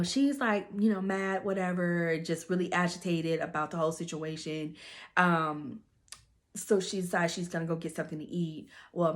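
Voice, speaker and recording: Chatty woman with a low voice. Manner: chatty and gossipy, heavy on fillers. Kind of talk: casual plot recap.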